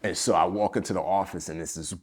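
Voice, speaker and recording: A man in a very low voice. As a podcast guest telling his story, he is animated and acts out what people said, with plenty of "like" and "you know" along the way. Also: fast talker, breathy edge. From the Bronx, New York. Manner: animated storyteller, acts out quotes, many fillers. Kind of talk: storytelling interview.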